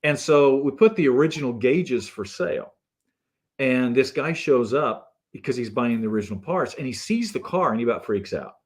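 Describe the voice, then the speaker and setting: A man, a guest on a talk show, telling a story in a relaxed, animated way and acting out the people in it. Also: mid-range voice, moderate pace, husky. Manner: animated storyteller who acts out the people in his stories. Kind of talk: casual anecdote telling.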